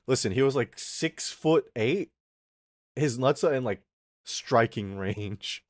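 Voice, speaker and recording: Slowly and at medium pitch, a young man on a stream delivers a rambling, curse-laden story, performing the voices of the people he describes. The recording has studio quality and no room sound.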